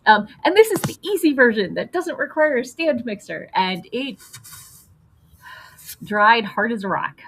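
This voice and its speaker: A woman hosting a relaxed stream, telling stories in a chatty way and acting out what others said. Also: a little high, unhurried, slight background noise. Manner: chatty storyteller, animated quoting. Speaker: stream host. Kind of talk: casual chat.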